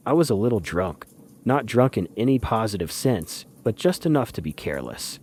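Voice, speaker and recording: A man narrating a novel as an audiobook, in measured, dry first-person storytelling. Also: on the low side, very animated, darkish tone, slight background noise. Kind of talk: scripted literary narration.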